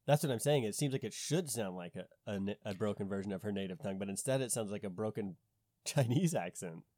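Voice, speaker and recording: A man's voice: lowish voice, expressive, fast, dark tone, no echo, clean studio sound. A man in casual conversation, skeptical and questioning, thinking aloud with frequent restarts.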